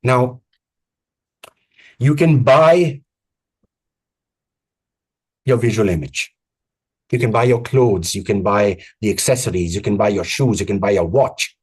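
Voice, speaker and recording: A man giving a live online coaching talk on vocal presence, speaking emphatically with repeated phrases and deliberate pauses. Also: on the low side, darkish tone, husky. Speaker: communications coach. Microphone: video call.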